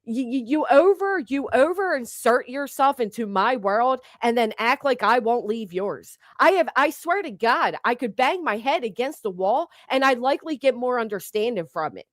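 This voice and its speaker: An indignant woman rants straight into a close mic, her voice sitting a little high and bone-dry with no room sound. She is sarcastic and profane and keeps firing off pointed rhetorical questions. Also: expressive, normal speed, few pauses, no room sound. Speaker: online commentator. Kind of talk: heated ranting commentary.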